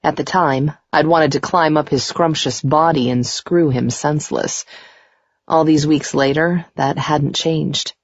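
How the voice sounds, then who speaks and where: A woman narrating a first-person romance audiobook in a steady, unhurried reading voice. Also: deep voice, no echo. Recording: dry, dull muffled recording.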